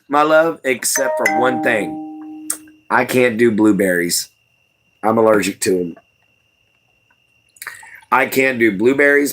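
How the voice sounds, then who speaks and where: A young Southern US man hosts a livestream, rambling in a folksy manner and chuckling while he answers the chat. His voice is mid-range with a fairly bright tone, and there's a little hiss or hum.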